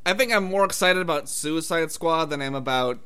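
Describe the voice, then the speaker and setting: A man's voice: a little high, fairly quick, bright, forceful tone, clean tone. A man co-hosting a casual movie chat, rambling and hedging as he talks. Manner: rambling, hedging with "I mean" and "it's like".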